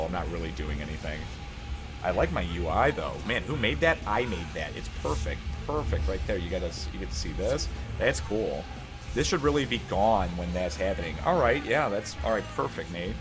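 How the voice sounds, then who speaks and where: A man's voice: low voice, animated, moderate pace, music in the background. A man streaming live while he plays a game, chatting casually and telling a rambling, self-deprecating story into a desk microphone.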